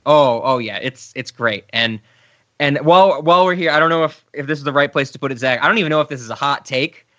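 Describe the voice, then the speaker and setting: A man co-hosting a podcast in casual chat, enthusiastic and quick to laugh. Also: fairly high pitch, fairly bright tone. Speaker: podcast co-host. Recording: slightly dull, lo-fi recording.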